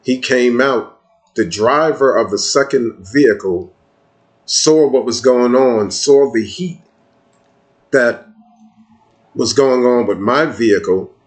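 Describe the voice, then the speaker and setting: A man's voice: mid-range voice, slow, long pauses. A man with a casual, streetwise manner, telling a personal story in an emphatic, conversational monologue.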